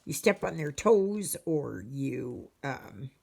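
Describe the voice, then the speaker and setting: A woman's voice: sits low, very animated, slow, creaky, mellow, husky. A Canadian woman chatting casually to her viewers as a cross-stitch vlogger, rambling and storytelling with many fillers.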